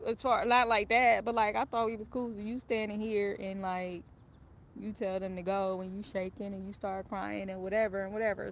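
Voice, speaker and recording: A woman's voice: medium pitch, slight background noise. A woman casually telling a personal story in a candid, profane, rambling way.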